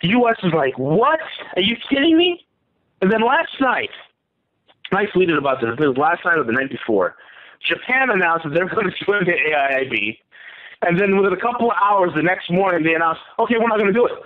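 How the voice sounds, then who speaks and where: A man speaking in a fairly high voice as a radio guest, with an animated, repetitive manner that slips into quoted voices. He comes through a thin, phone-like line. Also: brisk. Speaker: guest economist. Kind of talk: talk radio interview.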